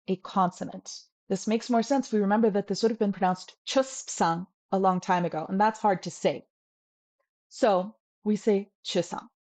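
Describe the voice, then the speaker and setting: A woman teaching a language lecture, explaining rules in a playful, lively way. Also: mid-range voice.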